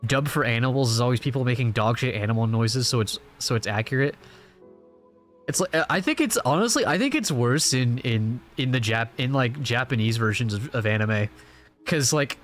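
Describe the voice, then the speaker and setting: A man casually reacting to a comic he is reading aloud, rambling and animated, with many fillers. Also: mid-range voice, normal speed, soft background music. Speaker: reaction channel host.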